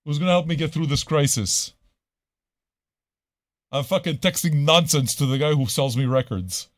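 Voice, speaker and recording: A man hosting a live radio show, ranting casually and swearing a lot, swinging between loud outbursts and low muttering. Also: normal speed, no echo, studio quality.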